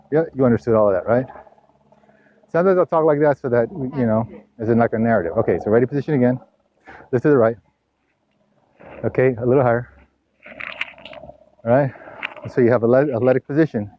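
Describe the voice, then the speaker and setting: A man's voice: mid-range voice, brisk, long pauses, a little hiss or hum. A man coaching a tennis student on a court, giving direct instructions and constantly checking in with "all right?" and "okay?", sometimes teasing his student. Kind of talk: hands-on coaching session. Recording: dull, lo-fi camera audio.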